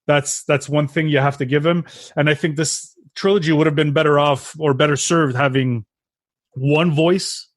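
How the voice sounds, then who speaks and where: A podcast guest, a man with a somewhat high voice, gives frank opinions at a quick clip. His voice sounds dry and close, with no room around it. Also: fairly even intonation, dry recording. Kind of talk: casual chat.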